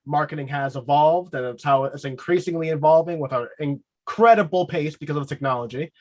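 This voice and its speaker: A man hosting a casual podcast interview, enthusiastic and quick to laugh, often repeating himself. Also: a little high, a little mellow. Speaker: podcast host.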